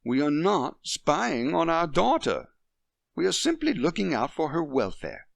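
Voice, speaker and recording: A man voicing a poised French wife near fifty, patient and gently reasoning with her husband. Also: on the high side, huge pitch swings, measured pace, creaky, dry recording, clean studio sound, pitched above the performer's own voice, full character voice. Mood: soothing.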